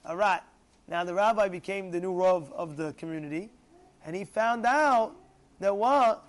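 A man's voice: high voice, normal speed. A man teaching a religious class, telling a story with emphatic repetition. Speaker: Torah teacher.

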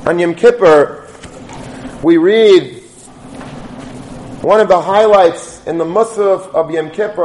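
High-voiced man giving a Torah lecture. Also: darkish tone, roomy sound, low-quality recording. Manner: storytelling, rises to chanting Hebrew liturgy. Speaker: rabbi.

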